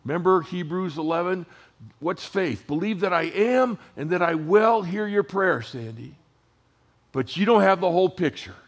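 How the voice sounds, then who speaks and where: A man in his sixties, a pastor giving a sermon in a conversational storytelling way, his voice dropping to hushed tones and rising again. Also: high voice, animated, normal speed. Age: 60s.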